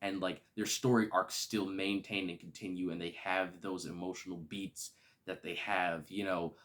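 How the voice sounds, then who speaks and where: A man casually reviewing a film, excitable and gushing, with slangy, enthusiastic speech. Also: low-pitched, moderate pace.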